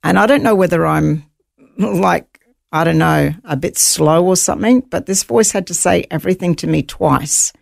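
A woman's voice: fairly low pitch, moderate pace, creaky, no echo, studio quality. A woman guest in an interview, earnestly telling a personal story and voicing her own thoughts aloud.

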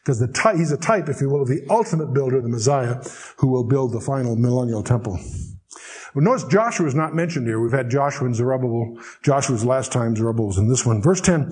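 A man teaching the Bible verse by verse, reading scripture slowly and solemnly, then explaining it in chatty, wry asides. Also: mid-range voice, animated, darkish tone.

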